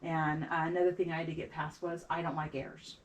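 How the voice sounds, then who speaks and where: A middle-aged woman, a beadwork artist, telling her story in a casual interview, halting and repeating words as she acts out what others said. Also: sits low, flat delivery. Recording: voice a bit far from the mic.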